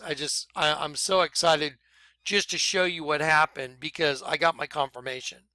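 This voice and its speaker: A man vlogging excited commentary over videos he plays, talking emphatically and apologizing for rushing ahead. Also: a little high, dry recording. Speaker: video blogger.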